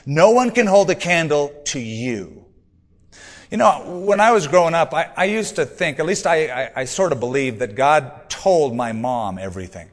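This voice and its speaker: A man's voice: fairly high pitch, animated, moderate pace, long reverb tail. A man preaching a sermon in a conversational, humorous way, reading scripture aloud between stories. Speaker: pastor.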